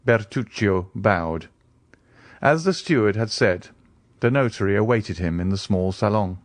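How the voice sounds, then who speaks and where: A man narrating a classic novel as an audiobook, in a measured, expressive storytelling manner. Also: lowish voice, dry recording. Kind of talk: scripted narration.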